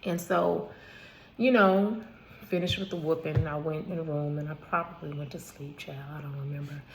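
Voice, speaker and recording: A woman with a low, gravelly voice tells her own life story in a casual vlog. She speaks emphatically, repeats lines for effect and stops to correct herself. Her tone is rough and grounded in a slightly deep register. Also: fairly even intonation, moderate pace, background noise. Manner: repetitive, emphatic retelling with asides and restarts.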